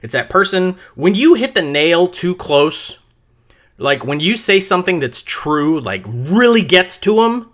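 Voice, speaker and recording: A middle-aged man talks alone on his podcast in a loose, conversational way. His pitch swings widely as he tells a story, his tone is bright and forceful, and he swears freely and often restarts his sentences. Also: big pitch swings, a little slow. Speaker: podcast host. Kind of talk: casual solo podcast monologue.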